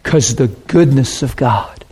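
A man preaching a sermon through an animated story, at times dropping into hushed tones. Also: mid-range voice, slow pace, husky.

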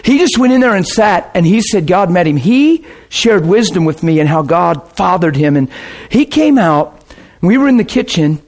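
A man preaching as a pastor, telling a story casually with lively swings between low asides and excited high bursts. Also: normal speed. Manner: casual, rambling, with restarts and laughter. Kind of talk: sermon storytelling.

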